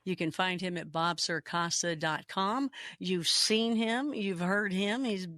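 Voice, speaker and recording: A woman hosting a radio talk show, a little hoarse, chatty and upbeat, laughing between words. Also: lowish voice, measured pace, a bit bright, no room sound, clean studio sound. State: slightly hoarse. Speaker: radio host.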